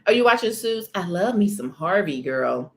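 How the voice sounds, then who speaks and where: A woman's voice: medium pitch, big pitch swings, moderate pace. A woman hosting a casual live-stream chat. She is chatty and emphatic, and often repeats herself. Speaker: channel host.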